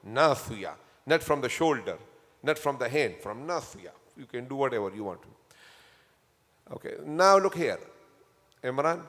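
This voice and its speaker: A man's voice: medium pitch, sing-song, moderate pace, long pauses, fairly bright tone. A man teaching a Quran commentary class in a mosque, patiently drilling terms by repeating them and quizzing his students. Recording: long hall reverb.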